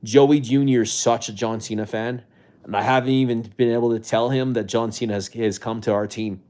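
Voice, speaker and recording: A male streamer speaks casually to his viewers from indoors at a rental home. His pitch sits in the middle for a man. He rambles, restarts his sentences often, and at times sounds close to tears. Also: fairly even intonation, brisk, darkish tone. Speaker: livestreamer.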